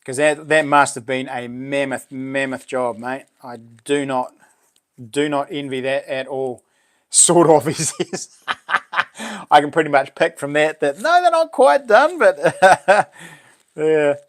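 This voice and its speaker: A man hosting a casual livestream chat, laughing often and reacting excitedly to viewers. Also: mid-range voice, slow. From New Zealand. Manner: chatty, laughs often, exclaims. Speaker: livestream host.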